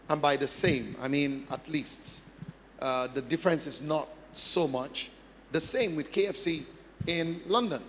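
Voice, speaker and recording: Pastor, man, sermon; unhurried, repeats key lines, quizzes the audience, long reverb. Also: fairly high pitch, fairly bright tone, a little hiss or hum. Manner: emphatic, repeats phrases, asks the congregation questions.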